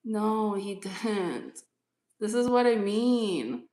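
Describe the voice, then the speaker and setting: A woman's voice: mid-range voice, animated, drawn-out words, warm tone. A woman tarot reader on a live stream, firmly lecturing a commenter and repeating her points. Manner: firm, lecturing, repeats herself. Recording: echoey room.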